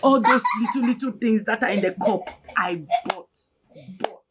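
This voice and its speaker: A woman from Cameroon with a Cameroonian English accent, giving an emotional personal testimony in a dramatic, animated way, often near tears. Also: on the high side, normal speed, heavy background noise. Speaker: guest telling her story. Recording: dull lo-fi audio with faint music.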